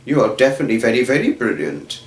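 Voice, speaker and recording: A man's voice: medium pitch, big pitch swings, quick pace, close to an everyday voice. A man voicing a grateful male cat, speaking earnestly and with praise, in a roomy recording. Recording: roomy echo.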